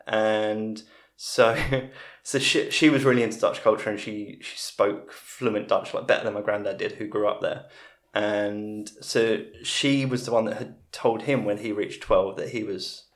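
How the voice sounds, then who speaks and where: A man's voice: on the low side, little pitch movement, moderate pace. A man in his forties, a podcast guest telling long family stories, often restarting his sentences. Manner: rambling, self-interrupting storyteller. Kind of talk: casual storytelling in a podcast interview. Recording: roomy podcast recording.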